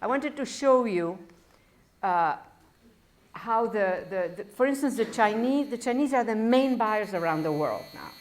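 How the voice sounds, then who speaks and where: A woman's voice: mid-range voice, animated, unhurried, slight background noise. A woman with a foreign accent giving a university lecture, talking in a discursive way with frequent self-corrections and wry asides. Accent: foreign accent in English. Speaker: professor.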